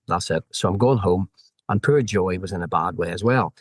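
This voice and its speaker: A middle-aged man with a Northern Irish accent, a podcast guest telling animated anecdotes full of quoted back-and-forth dialogue. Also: low-pitched, normal speed, no echo. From Northern Ireland. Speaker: guest, former road racer. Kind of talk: storytelling in a podcast interview.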